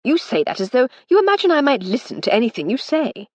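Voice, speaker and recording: A woman voicing a hearty upper-class Edwardian gentleman in an audiobook, jovial and bluff. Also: sits high, very animated, fast talker, no echo, voice pushed up.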